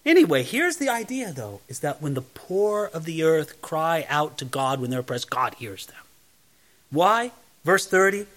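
A man's voice: a little high, very animated, measured pace, fairly bright tone. A man teaching the Bible verse by verse in a conversational way, reading a passage and then explaining it.

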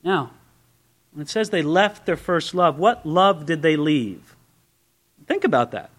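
A man with a notably high speaking voice delivers a sermon. His preaching is conversational and full of rhetorical questions. He swings between excited, raised asides and low, quiet emphasis. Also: measured pace. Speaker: pastor.

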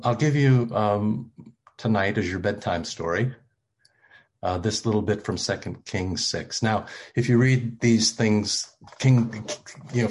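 A man giving an informal sermon as a bedtime story, talking in a halting, conversational way with many fillers, gentle and reflective. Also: sits low, breathy edge. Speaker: preacher.

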